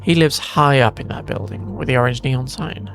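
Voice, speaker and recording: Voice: mid-range voice, normal speed, gravelly, lightly acted. A streamer reading aloud the lines of a robot guardian in a game. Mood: dismissive.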